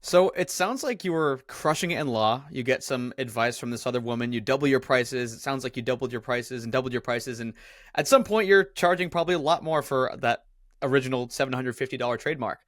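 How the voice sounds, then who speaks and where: Brief: male interviewer, quick delivery, mid pitch, dry close mic. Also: fairly bright tone, no room sound. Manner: recaps the guest's story before asking. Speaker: podcast host. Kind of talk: interview questions.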